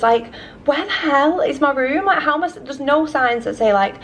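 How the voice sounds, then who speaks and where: A woman's voice: high-pitched, fast talker, gravelly, a little hiss or hum. A young woman vlogging casually about her travel day in a hotel room, rambling and self-deprecating, her voice audibly shaky. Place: hotel resort room, indoors. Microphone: handheld camera.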